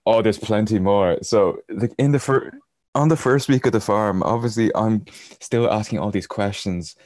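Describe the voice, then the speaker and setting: A man's voice: on the low side, moderate pace, darkish tone, no room sound, clean studio sound. A man, a podcast guest, telling a rambling travel anecdote in casual storytelling style and chuckling as he goes.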